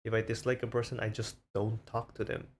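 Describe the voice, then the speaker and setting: A man's voice: on the low side, little pitch movement, fairly quick, a little hiss or hum. A man streaming casually, rambling and self-conscious as he shows off the different voices he talks in. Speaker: VTuber streamer.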